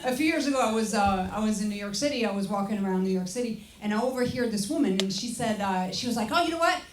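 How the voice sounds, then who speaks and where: A woman's voice: medium pitch, fast talker. A woman from France with a French accent, performing a wry stand-up set and teasing the audience. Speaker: stand-up comedian. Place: comedy club stage. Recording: roomy club sound from a distance, crowd noise.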